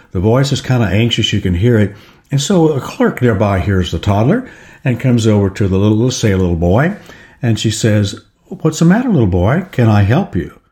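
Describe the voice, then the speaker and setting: A man's voice: fairly low pitch, dark tone. An older man gives a reflective motivational talk, telling a story and acting out its scenes.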